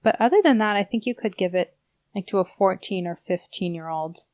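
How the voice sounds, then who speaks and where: A woman's voice: medium pitch, a little mellow, no room sound. Woman co-host, casual book chat, rambling delivery, dry close recording. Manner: chatty, rambling, quick bursts. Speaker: podcast co-host.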